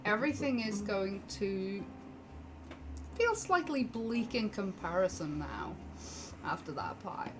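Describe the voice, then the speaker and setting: A woman's voice: medium pitch, sing-song. Brief: woman game master, leisurely narration, easy laughs, hissy noisy recording. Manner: unhurried, full of fillers, laughs often. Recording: noisy background hiss.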